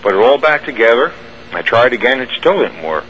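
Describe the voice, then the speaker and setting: Bright-voiced man telling his story. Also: mid-range voice, big pitch swings, a little fast, lo-fi sound, a little hiss or hum. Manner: rambling, vivid storytelling with restarts. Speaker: radio show guest. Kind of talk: recounting a personal experience.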